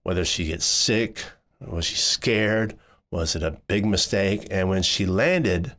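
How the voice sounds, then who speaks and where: A man narrating a personal story in the first person, voicing it expressively and jumping higher when he quotes people. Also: slow. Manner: expressive, jumps high when quoting people.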